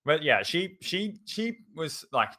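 A man's voice: a little high, very animated, takes it slowly, pushed and bright. A young man co-hosting a podcast, telling a story in a rambling casual way with lots of fillers and restarts. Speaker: podcast co-host. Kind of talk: casual chat.

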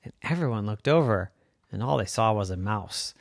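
A storyteller making up a children's story as they go, slow and wandering, with pauses and restarts. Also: medium pitch, lively intonation, creaky, a bit bright, no echo, studio quality.

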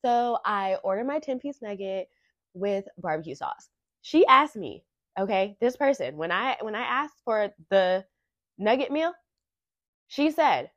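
A woman hosts a podcast and tells a casual story in a chatty, animated voice, with plenty of asides to the listener. Her pitch rises and falls all over the place. The recording is dry and a little dull. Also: a little slow, dry recording. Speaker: podcast host. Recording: dry, slightly muffled lo-fi recording.

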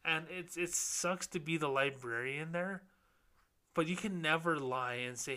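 Speaking a little slowly with a bright, forceful, rather high voice, a podcast host who once worked as a banker rants casually about money and scams. He sarcastically mocks complainers, putting their words in fake quotes.

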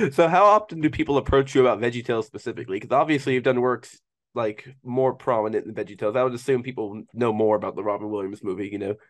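A man's voice: mid-range voice, fast. Eager man hosting a podcast. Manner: eager, encouraging interviewer. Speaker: podcast host. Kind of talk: casual interview chat.

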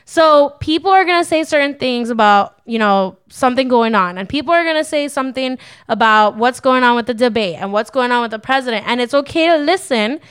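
A woman's voice: a little high, animated, brisk, hardly any pauses, fairly bright tone, clean tone. A young adult woman co-hosting a casual Christian podcast, upbeat and a little preachy, laughing often. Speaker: podcast co-host. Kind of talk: casual faith-based podcast talk.

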